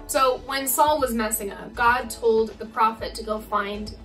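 A woman's voice: a little high, unhurried, a bit bright, recorded from a distance, faint music behind, poor audio. A woman teaching a youth Bible lesson in a casual, playful way, acting out characters now and then.

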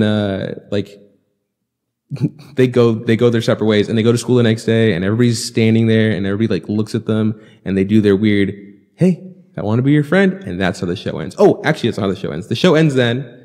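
A man with a low voice chats casually on a podcast, rambling through an anime recap and slipping into quick acted-out lines of dialogue. He swears freely and talks loosely. His voice carries a long reverb tail. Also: darkish tone. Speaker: podcast co-host.

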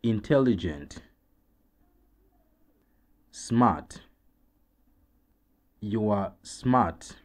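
A man with a Rwandan accent teaching English vocabulary, saying each word twice in a slow, deliberate drill and then translating. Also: fairly low pitch, expressive, a little mellow.

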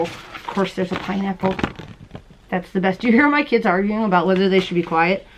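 A woman with a bubbly, chatty manner hosts her podcast from home late at night, showing off mail and gifts to her camera. Her voice sits at an ordinary middle pitch, and she gushes easily over small things, with a faint hiss behind her. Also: a bit bright, rough recording. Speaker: podcast host. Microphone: camera she handles while showing items.

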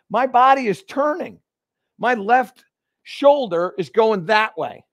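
A man hosting a live golf lesson, explaining each move step by step with energetic restarts in an indoor golf studio. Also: high-pitched, no echo. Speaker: golf instructor and show host. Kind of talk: live instructional demonstration.

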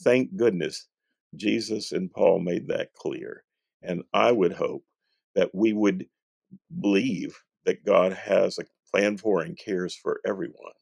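A low-voiced man from North Carolina who talks like a seasoned preacher, leaning on key words with steady emphasis. His voice is heavily gravelly with a husky edge, and the sound is dry and close. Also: takes it slowly, no room sound. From North Carolina, USA. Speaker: guest Bible scholar. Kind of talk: thoughtful interview answers.

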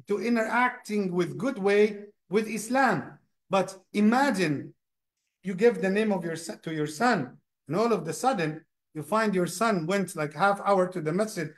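An imam giving a lesson at a mosque. He talks in a lively way, often repeats words, and acts out the people he describes. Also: high-pitched.

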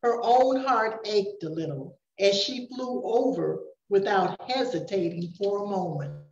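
Slow-reading grandmother, echoey room. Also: medium pitch, expressive, a little mellow. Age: older. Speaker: grandparent storyteller. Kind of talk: reading a picture book aloud. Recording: echoey room, dull sound.

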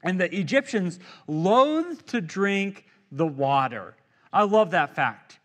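A male pastor preaching a sermon in a church, animated and jokey, acting out quotes as he goes. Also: high voice, slow.

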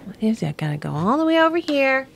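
A woman's voice: high-pitched, sing-song, fast talker, gravelly. A young woman, chatting playfully through a makeup tutorial and talking straight to her viewers. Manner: chatty, playful, talks to camera. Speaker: makeup artist vlogger. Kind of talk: casual tutorial chat.

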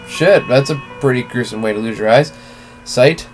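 A man's voice: mid-range voice, moderate pace, faint music behind. A man hosting a let's play at home, reclining in his chair and giving casual, laid-back commentary with frequent swearing as he thinks aloud.

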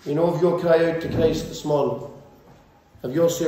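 A man's voice: on the high side, brisk, mellow. A male pastor preaching a sermon with fervent, repetitive, rhythmic build-ups. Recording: very echoey church hall, faint ambience.

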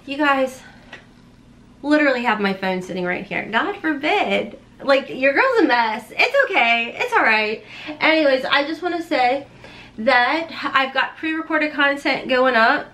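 A woman's voice: high-pitched, lively intonation, unhurried, pushed and bright. A woman beauty vlogger chatting casually while doing her makeup, rambling, emotional and heartfelt with folksy slang.

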